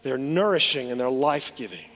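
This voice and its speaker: A man's voice: medium pitch, big pitch swings, brisk, a bit bright. A man preaching a sermon as pastor, earnest, asking rhetorical questions and restarting his phrases. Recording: long hall reverb.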